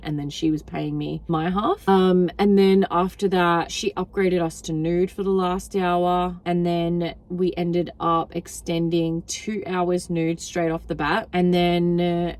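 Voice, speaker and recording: A woman's voice: lowish voice, a little mellow. A tired young woman vlogging casually in her parked car at night, chatty and rambling, talking into her phone. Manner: chatty, rambling, many fillers. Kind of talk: casual chat. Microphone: phone camera.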